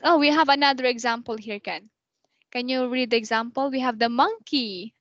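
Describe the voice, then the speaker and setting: A woman teaching an English lesson over a video call, patient and repeating words slowly as she counts syllables. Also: on the high side, fairly bright tone, dry recording, dull audio. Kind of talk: online one-on-one lesson.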